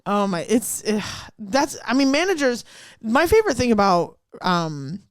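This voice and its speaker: A woman's voice: on the high side, big pitch swings, unhurried, no echo. Blunt, sarcastic woman comedian. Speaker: comedian guest. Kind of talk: casual chat.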